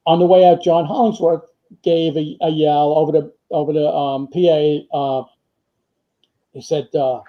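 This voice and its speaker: A man's voice: on the high side, level tone, measured pace. Older man telling firehouse stories, muffled. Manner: rambling anecdotes with many fillers and quoted dialogue. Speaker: retired firefighter and author, guest. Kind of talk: storytelling in a casual interview. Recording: muffled lo-fi audio.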